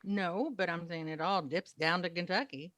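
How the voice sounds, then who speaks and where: A woman's voice: on the low side, fairly even intonation, moderate pace, a bit bright, no room sound. A woman from Ohio co-hosting a morning radio show, teasing and dry, often restarting her sentences. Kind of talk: casual banter.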